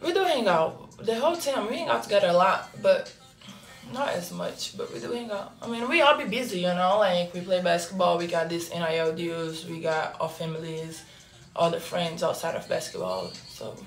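A young Brazilian woman with a Portuguese accent talks casually to her livestream viewers, slangy and unhurried, jumping from loud laughs to near-murmurs. Her voice bounces around an echoey room on a phone mic, with faint music playing in the background. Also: on the low side, animated, far from the mic. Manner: loose slangy storytelling, swinging loud to murmured. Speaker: livestreamer reading chat.

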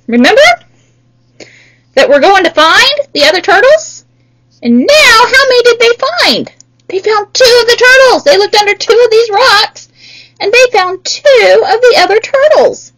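A woman tutoring young children in math, playful and sing-song with bursts of excitement. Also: extremely high pitch, measured pace, poor audio.

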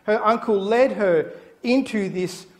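Middle-aged man, pastor, sermon delivery, animated storyteller, voice sits a little high. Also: a little slow. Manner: animated storytelling, acting out the people in his anecdote. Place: church.

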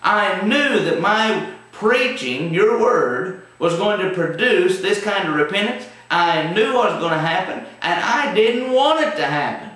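Brief: sulky, exasperated male prophet, a preacher putting him on, fairly high, very echoey and distant. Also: a little slow, bright, forceful tone, full character voice. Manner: exasperated, complaining. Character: angry, sulking male prophet Jonah. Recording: very echoey room, distant mic.

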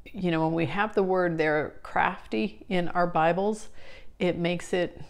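A woman's voice: on the low side, steady tone, measured pace. A woman explaining scripture in a casual teaching talk, chatty and full of fillers and restarts. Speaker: Bible study teacher.

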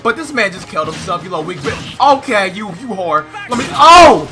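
A young man giving excitable gameplay commentary, loud and trash-talking, often shouting and laughing. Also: high-pitched, a little fast, soft background music. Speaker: gaming commentator.

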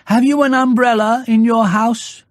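A reader voicing Winnie the Pooh, a gentle, anxious, honey-loving teddy bear, talking in a slow, earnest, musing way. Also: medium pitch, fairly even intonation, no room sound, studio quality, pitched above the performer's own voice, lightly acted.

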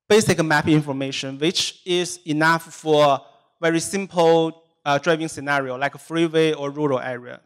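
A man speaking in a smooth, clear, somewhat high voice. He is a software engineer giving a technical presentation at a meetup, and he walks through each point in a steady, methodical way.

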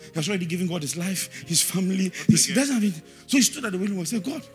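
A man with a Ghanaian English accent preaching a sermon in a church, repeating verse references and swinging from quiet asides to shouted, sing-song emphasis. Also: high voice, expressive, racing, faint music behind.

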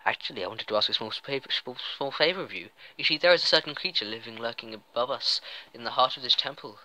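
A man voicing a polite, gentle male traveler from a game, reading its dialogue aloud. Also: mid-range voice, quick pace, no echo, low-quality recording. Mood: courteous. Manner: courteous, improvised, self-mocking.

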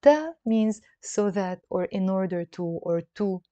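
A woman teaching a language through a song, explaining slowly and repeating each phrase. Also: mid-range voice, expressive, mellow, dry recording, muffled recording. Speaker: Arabic teacher. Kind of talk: song-based language lesson.

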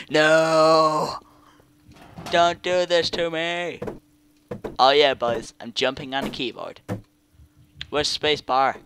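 A young man doing excitable, casual commentary over a game he plays. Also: on the high side, slow, long pauses, noisy background. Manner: excitable, yelps and laughs at the game. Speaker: gaming YouTuber.

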